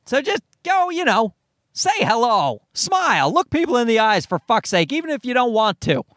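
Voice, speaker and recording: Man in his thirties, sarcastic profane podcast host, bouncy pitch, close dry recording. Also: moderate pace, no room sound. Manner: profane, ranting, sarcastic, animated. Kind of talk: solo comedic podcast rant. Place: parked car.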